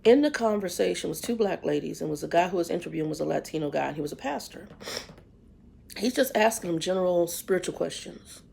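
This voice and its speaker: Woman with a gravelly low voice doing a casual faith talk, acts out what people said. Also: expressive, fast talker, mellow, slight background noise. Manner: conversational preaching, acts out quoted voices. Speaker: ministry livestream host. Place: in a car.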